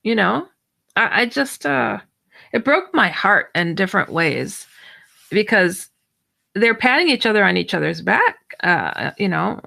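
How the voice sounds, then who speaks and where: A woman guest and paranormal researcher telling a personal story in an animated, rambling way, full of false starts, her pitch leaping up when she acts out her own reactions. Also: measured pace, vocal fry. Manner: excitable, jumps high when acting out her own reactions. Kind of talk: animated personal storytelling in an online audio chat.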